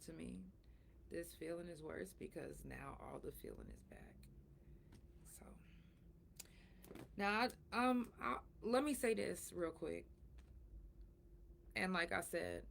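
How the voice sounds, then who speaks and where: A middle-aged woman hosting her own podcast, talking frankly and emphatically, sore and breathy at times from a recent surgery. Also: on the low side, lively intonation, takes it slowly, long pauses, slight background noise. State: in pain after surgery, soft and breathy at times. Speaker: podcast host. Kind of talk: casual solo talk.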